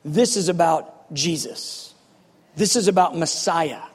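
A man preaching a passionate, animated sermon, reading scripture and acting out its scenes. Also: a little high, husky, long reverb tail. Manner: passionate, animated, quick bursts.

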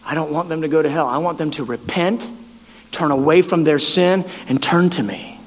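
A man voicing God as a gentle, tender speaker within a sermon, quieter and slower than his own preaching voice. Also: on the high side, pitched below the performer's own voice, natural voice. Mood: earnest.

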